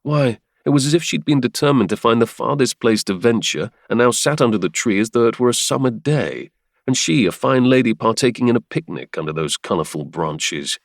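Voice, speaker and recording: A man narrating a romance audiobook in a measured, dramatic way. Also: medium pitch, lively intonation, creaky, dry recording, studio quality.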